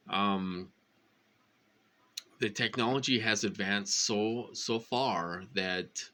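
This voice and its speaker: A man rambling casually to his viewers, full of fillers and repeated phrases, his voice jumping high when he acts out what others said. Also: sharp tone. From Minnesota. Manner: rambling, with many fillers and repetitions. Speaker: vlogger. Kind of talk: casual monologue to camera.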